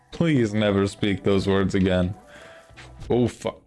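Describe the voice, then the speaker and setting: A man's voice: lowish voice, fairly even intonation, slow, darkish tone, faint music behind. Cursing, frustrated gaming streamer man. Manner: frustrated, swears constantly at the game. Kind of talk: live gameplay commentary.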